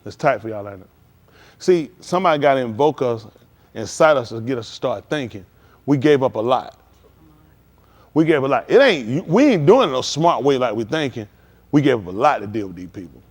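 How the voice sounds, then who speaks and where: A man preaching a live-streamed sermon in loose, slangy street talk, animated and emphatic. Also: medium pitch, brisk.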